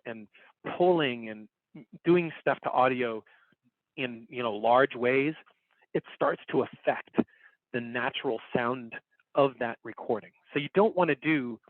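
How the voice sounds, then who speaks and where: A man with a medium-pitched, middle-range voice teaches an online workshop from his home recording setup, and the call audio sounds narrow and phone-like, dry with no room echo. Casual and upbeat, he explains step by step while demonstrating on screen, circling back to his main points.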